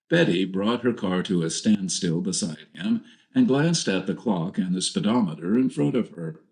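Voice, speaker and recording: A man reading a novel aloud in a steady, measured narration. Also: on the low side. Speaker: audiobook narrator. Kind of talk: scripted narration.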